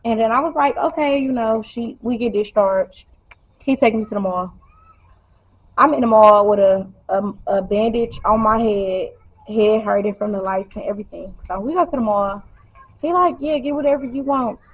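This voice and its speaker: A woman's voice: medium pitch, moderate pace, husky, highs cut off. A young woman telling a personal story casually, in a slangy, repetitive way. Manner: conversational, repeats herself, slangy. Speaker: vlogger.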